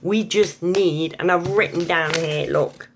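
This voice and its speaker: A woman's voice: on the low side, unhurried, slight background noise. An English woman in a blunt, sweary, chatty opinion rant to camera. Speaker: vlogger.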